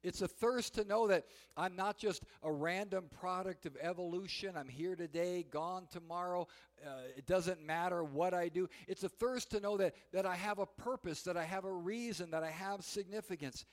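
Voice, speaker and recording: A man preaching a sermon, telling the story in an animated way and shouting the quoted cries. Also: sits high, moderate pace. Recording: long hall reverb.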